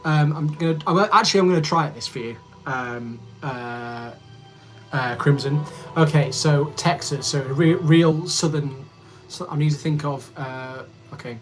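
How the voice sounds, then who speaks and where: A man in his thirties from Yorkshire chats loosely on a livestream, answering comments and drifting off while he edits. His voice sits a little on the high side. Faint music plays behind him. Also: unhurried. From Yorkshire, England. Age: 30s. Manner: rambling, friendly, easily distracted while editing. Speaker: streamer. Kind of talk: casual livestream chat reading comments.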